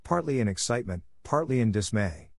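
A man narrating a classic novel as an audiobook, in a steady, even storytelling manner. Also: mid-range voice, brisk, vocal fry, no echo, clean studio sound. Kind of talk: scripted narration.

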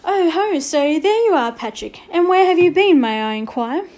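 A woman's voice: extremely high pitch, lively intonation, normal speed, a little mellow, voice pushed up. A woman reading aloud and voicing a strict, fed-up female teacher in a storybook. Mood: scolding. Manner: scolding, indignant.

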